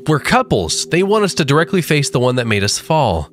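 An eager young man, as a narrator puts him on, his voice jumping high as he blurts out ideas. The delivery is lively and breathless with excitement, faint music behind. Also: fairly quick. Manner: eager, exclaiming.

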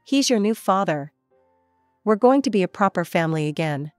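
A woman's voice: medium pitch, expressive, moderate pace, dry recording, clean studio sound, soft background music, close to an everyday voice. A woman narrator voicing a selfish mother with forced cheerfulness. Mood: falsely sweet. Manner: falsely cheerful. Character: self-absorbed mother with fake sweetness.

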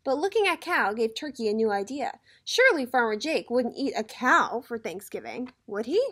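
A teacher reads a picture book aloud to young children and keeps turning to talk with them. Her voice is high and very animated, rising and falling as she tells the story. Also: normal speed. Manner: animated storybook reading, addressing kids directly.

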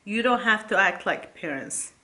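A middle-aged woman reading old letters from her sons aloud, tender and halting, close to tears. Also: medium pitch, lively intonation, pushed and bright. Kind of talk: emotional casual vlog reading.

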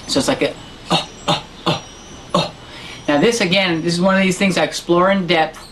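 A man teaching a harmonica lesson, explaining technique in a relaxed way and correcting himself as he goes. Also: on the high side, slight background noise, low-quality recording. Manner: demonstrates sounds and counts beats aloud. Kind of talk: instructional lesson.

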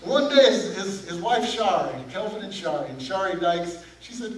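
A male pastor preaching a sermon, animated, throwing questions out to his congregation. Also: sits high, normal speed, hardly any pauses. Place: church sanctuary. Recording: echoey sanctuary, distant mic, faint room noise.

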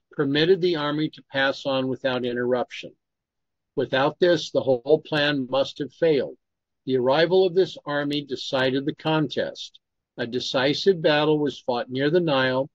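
A man's voice: a little high, no echo, lo-fi sound. A man reading a history text aloud in a Bible study and stopping to remark on pronunciation. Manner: steady reading, stops to comment on pronunciation.

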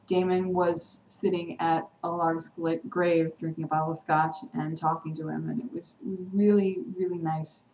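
In an echoey room with faint background noise, a woman with a lowish, darkish voice recaps a TV episode for her vlog. Her delivery is casual but heated and indignant, slipping at times into sarcastic mimicry.

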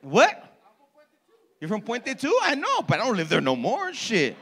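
A man's voice: high-pitched, huge pitch swings, unhurried, a bit bright, breathy edge. A man doing brash, profane crowd work as a stand-up comedian in a comedy club. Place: comedy club before a laughing audience.

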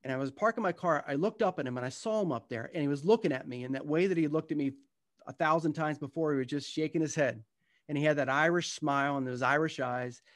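A man's voice: fairly high pitch, fast talker. A middle-aged man giving an earnest, heartfelt storytelling talk as a guest speaker. He sometimes stumbles and restarts as he goes, and partway through he reads a passage from his book.

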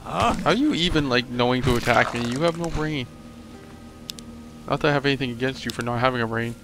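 A man's voice: medium pitch, a little fast, over music. A young man commenting on his game as a let's play host, joking and rambling and talking back at the enemies. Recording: noisy home recording.

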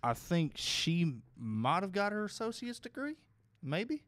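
A man speaks with a thick Arkansas drawl, telling stories at an easy, unhurried pace. His middle-pitched voice is recorded dry and close, with no room around it. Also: sing-song, a bit bright, no room sound. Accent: Arkansas Southern. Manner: thick drawl, easygoing storytelling. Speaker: comedian guest. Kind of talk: casual chat.

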